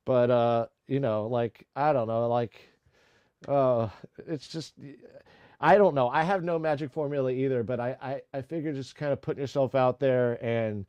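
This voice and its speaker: A man's voice: mid-range voice, normal speed, smooth, dry recording. Rambling man, dull lo-fi stream. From United States. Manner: rambling, with many fillers and restarts. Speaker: music-producer streamer hosting a chat. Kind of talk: casual live-stream chat.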